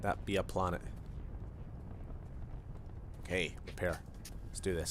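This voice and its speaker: A Scottish man chatting his way through a game live-stream, rambling and joking as he plays. His voice sits low, with a faint game hum underneath. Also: moderate pace, pauses often, fairly bright tone. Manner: rambling, jokey. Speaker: gaming streamer. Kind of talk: casual live-stream commentary.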